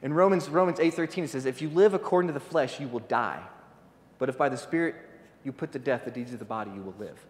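A man's voice: medium pitch, fast talker. A man giving an informal guest sermon, talking off the cuff with many stumbles, repeated words and restarts. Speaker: guest speaker. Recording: long hall reverb.

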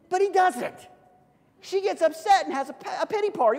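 A man's voice: very high voice, wildly swooping pitch, a little fast, darkish tone, long reverb tail. A middle-aged male pastor preaching a sermon in a conversational, self-deprecating storytelling manner.

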